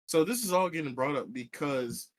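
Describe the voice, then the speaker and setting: A young man co-hosting a casual podcast, reacting with disbelief, quick questions and blunt jokes. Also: a little high, expressive. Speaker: podcast co-host. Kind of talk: casual chat.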